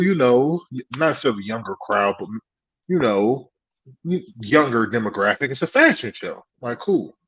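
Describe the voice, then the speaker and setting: A man co-hosting a podcast in casual chat, telling animated stories, swearing freely and laughing at himself. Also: mid-range voice, dry recording, muffled recording. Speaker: podcast co-host.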